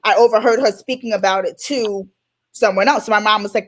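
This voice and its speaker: A woman from Queens, New York, a guest life coach telling animated stories in an interview and acting out the dialogue. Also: medium pitch, fast. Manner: animated, acts out quoted dialogue. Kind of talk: storytelling in an interview.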